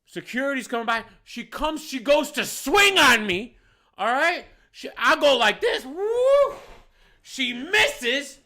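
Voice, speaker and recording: A man who owns a bar tells an animated, profane story with lots of emphasis and some laughter. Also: very high-pitched, unhurried. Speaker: bar owner.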